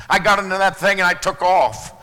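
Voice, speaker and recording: Male pastor preaching in a church hall, high and sharply bright, loud bursts and quiet asides. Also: normal speed. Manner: swings between loud preaching and hushed low asides. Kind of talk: sermon. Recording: long hall reverb.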